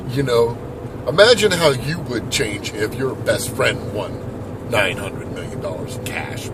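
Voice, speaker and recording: A man in his forties from Southern California, chatting casually and rambling to camera as a vlogger, hyperactive and animated, outdoors at a skate park. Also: medium pitch, noisy background. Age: 40s. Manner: hyperactive, animated, loose and conversational with many asides.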